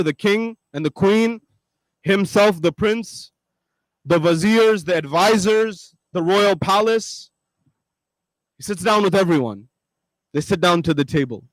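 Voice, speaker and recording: A man's voice: high voice, dry recording, low-quality recording. A man preaching to a gathering, telling a story with emphatic, repetitive phrasing and speaking directly to his listeners. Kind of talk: storytelling sermon.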